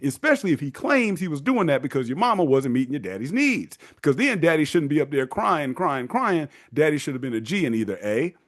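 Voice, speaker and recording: A man hosting a casual advice monologue, talking in an animated way and mocking the people he quotes. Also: on the high side, a little fast, hardly any pauses. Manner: animated, acts out quoted parents in mocking voices. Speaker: host giving men's advice.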